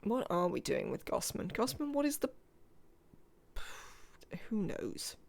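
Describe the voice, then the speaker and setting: UK game streamer, live let's-play: chatty, thinks out loud and talks to the characters, with an animated pitch and a bit of gravel. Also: slow pace. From United Kingdom.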